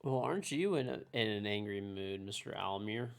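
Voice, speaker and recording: A man's voice: lowish voice, lively intonation, brisk, creaky, clear, resonant tone. A young man streaming a game, chatting casually in a joking, profane, laid-back way. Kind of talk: casual chat.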